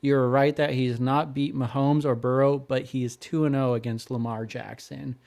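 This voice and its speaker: Podcast guy reading off his notes, clean smooth voice, lots of uh and like. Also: medium pitch, little pitch movement, moderate pace, a little mellow. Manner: reads notes and lists, hesitant with fillers. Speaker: podcast co-host. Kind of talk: casual chat, reading follow-up notes.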